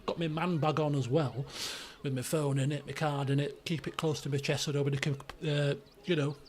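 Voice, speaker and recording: A man, hosting a game video and telling a rambling personal story in an animated way, full of restarts and asides. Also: on the high side, a little fast. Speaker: let's play host.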